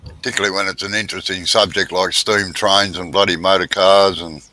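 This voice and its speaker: A man hosting a casual live stream chat, easygoing and quick to laugh, talking over a video call. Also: sits low, steady tone, bright, forceful tone, no room sound.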